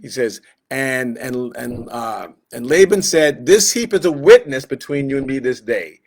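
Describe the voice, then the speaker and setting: A man's voice: medium pitch, expressive, measured pace. A man teaching a Bible class in a casual, conversational way, with joking asides and quoted voices acted out. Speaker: Sunday school teacher.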